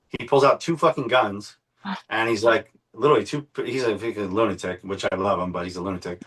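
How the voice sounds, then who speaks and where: A man's voice: on the low side, a little fast. Profane, passionate man telling a story. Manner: profane, passionate, animated retelling with frequent fillers. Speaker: interview guest, author. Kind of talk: casual storytelling.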